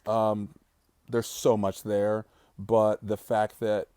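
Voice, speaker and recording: A grieving man in his thirties talks earnestly and reflectively in a personal vlog. His voice is low and mellow, and he lingers over the heaviest words. The recording is dry and close, with no room sound. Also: little pitch movement, takes it slowly, smooth, no echo. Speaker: vlogger.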